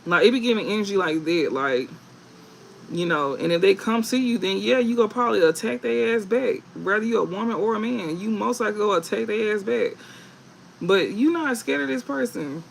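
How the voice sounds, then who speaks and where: High, gravelly-voiced man reading tarot. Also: brisk, a little hiss or hum, rough recording. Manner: blunt, profane, laughs often; emphatic repetition. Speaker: tarot reader.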